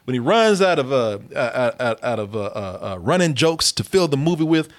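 A man's voice: mid-range voice, sing-song, moderate pace. A man co-hosting a podcast, ranting in an exasperated, profane, repetitive comedic way. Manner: exasperated, repetitive, swears freely. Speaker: podcast co-host reviewing a movie.

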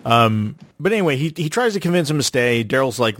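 A man's voice: mid-range voice, big pitch swings, brisk, fairly bright tone. A man hosting a casual podcast recap, retelling the plot with frequent ums and restarts. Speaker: podcast host.

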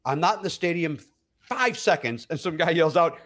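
Animated man telling a comic story. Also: fairly high pitch, normal speed. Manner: animated storyteller, loud acted-out quotes, frequent laughs; many fillers and restarts. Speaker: comedian guest. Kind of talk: casual podcast storytelling.

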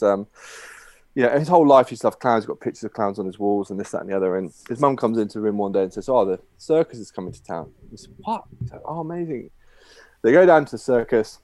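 A man's voice: on the low side, a little mellow, dry recording. A man telling a long shaggy dog story in a casual, rambling way, full of fillers and restarts. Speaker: guest.

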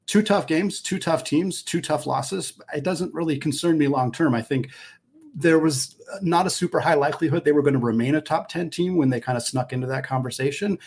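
A man's voice: a little high, a little fast, darkish tone, breathy edge. A man co-hosting a sports podcast, analysing college basketball in a casual, thinking-aloud way.

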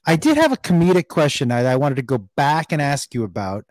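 A man's voice: fairly high pitch, very animated, brisk, dry recording, clean studio sound. A man hosting a casual talk who asks earnest questions and thinks aloud. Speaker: podcast host. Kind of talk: casual chat.

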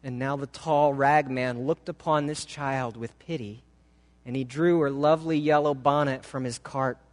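A man preaching a sermon, telling a story in a slow, dramatic, emotive way. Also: medium pitch, steady tone. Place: church sanctuary. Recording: long hall reverb.

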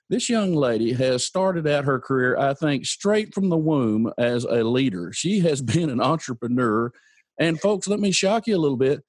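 A man's voice: a little high, darkish tone, no echo. Upbeat male podcast host, dry sound. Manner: upbeat, encouraging, playful. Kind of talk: motivational interview talk.

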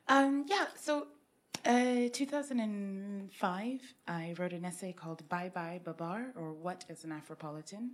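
A woman author with a vaguely American accent, speaking at an ordinary middle pitch. She tells her stories with animated wit and laughs often as an on-stage interview guest. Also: measured pace. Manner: animated, witty storytelling with frequent laughs.

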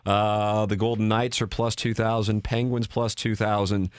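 A man's voice: on the low side, level tone, normal speed, smooth, no room sound. Sports radio host guy, dry studio sound, upbeat jokey banter.

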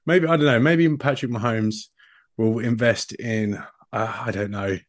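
A man from England co-hosting a podcast, chatting casually and laughing often, with quick voices for the people he quotes. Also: mid-range voice, no room sound, clean studio sound. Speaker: podcast co-host. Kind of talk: casual chat.

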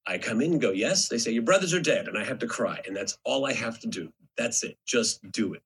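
A man's voice: mid-range voice, brisk, slight background noise, rough recording. A middle-aged man, a guest actor, telling stories in a casual podcast chat and acting out the quotes in them. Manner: animated storyteller, acts out quotes.

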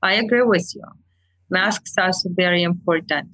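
A woman from Armenia with an Armenian accent, a clinic owner telling lively stories in casual, broken English during an interview. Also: fairly low pitch, moderate pace, dry recording, poor audio. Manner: animated storyteller, broken English, laughs often. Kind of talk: conversational interview.

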